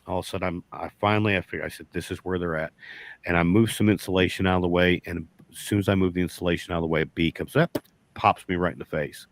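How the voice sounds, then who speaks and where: A man's voice: sits low, fairly even intonation, fast talker, no echo. A man, a beekeeper guest telling a long folksy story in casual chat, rambling and restarting often.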